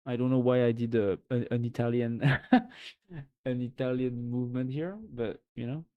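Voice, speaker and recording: A man's voice: medium pitch, fairly even intonation, measured pace, muffled recording. A man with a French accent chatting casually on a live stream, rambling and reading chat aloud; French is his first language. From France.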